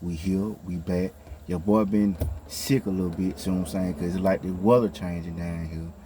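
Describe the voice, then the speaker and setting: A man telling a story casually to his viewers, with a slightly scratchy throat from a cold, chatty and animated, often checking in with his listeners. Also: sits low, moderate pace. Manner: animated when retelling events. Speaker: vlogger.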